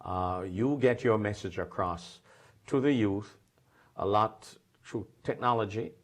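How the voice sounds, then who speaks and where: A man's voice: on the low side, a little slow. A man from Jamaica hosting a TV studio interview, chatty and affirming. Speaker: TV interview host.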